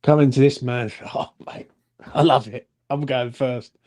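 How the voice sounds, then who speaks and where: A man's voice: mid-range voice, steady tone, unhurried, darkish tone. A man, co-hosting a casual football fan chat and rating players bluntly, with some swearing. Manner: blunt, swears, asks "yeah?".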